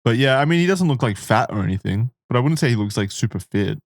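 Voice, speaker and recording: A man's voice: medium pitch, expressive, fast talker, no echo, clean studio sound. A man co-hosting a podcast in casual chat, hesitant and often restarting. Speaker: podcast co-host.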